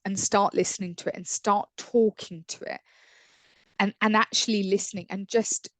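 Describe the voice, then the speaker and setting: A woman's voice: mid-range voice, fairly even intonation, moderate pace, dry recording. A woman speaking as a podcast guest, telling her personal story earnestly and acting out the voices in her head. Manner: earnest, acts out inner dialogue.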